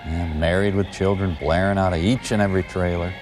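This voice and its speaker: A man's voice: deep voice, steady tone, fairly quick, over music. A man making dry, sarcastic wisecracks while riffing on a film. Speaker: comedy show host riffing on a film.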